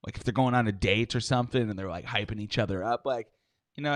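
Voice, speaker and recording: Young male co-host, relaxed rambler, dry close sound. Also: on the low side, fast, no echo. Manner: easygoing, rambling, lots of fillers. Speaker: podcast co-host. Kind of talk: crude comedic banter.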